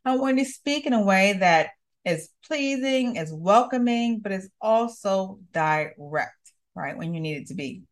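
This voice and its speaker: A woman's voice: mid-range voice, expressive, measured pace. A woman communication coach hosting her show, talking listeners through voice habits in a direct, encouraging way. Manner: direct, encouraging, repeats words for emphasis. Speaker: communication coach and podcast host. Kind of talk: coaching monologue.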